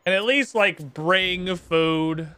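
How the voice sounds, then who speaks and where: Sitting high, this man's voice is slow, bright and forceful, clear and resonant with no echo. As he streams a video game, he talks to himself in a profane, sarcastic way.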